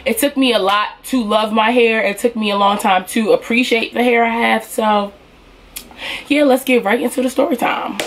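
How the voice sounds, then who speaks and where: A young woman getting over a cold, telling her hair story in a casual, animated vlog and speaking to viewers as y'all. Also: fairly high pitch, moderate pace. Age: young adult. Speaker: beauty vlogger.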